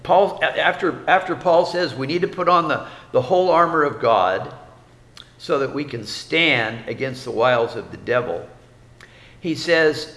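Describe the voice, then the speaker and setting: A man's voice: mid-range voice, expressive, unhurried, fairly bright tone, reverberant, long reverb tail. A man preaching a sermon as pastor, folksy, with rhetorical questions and repeated phrases.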